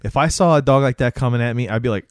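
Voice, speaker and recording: Relaxed mid-pitched podcast co-host. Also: rapid-fire, no room sound, studio quality. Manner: relaxed storytelling, quotes characters, laughs often. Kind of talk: casual chat recapping a TV episode.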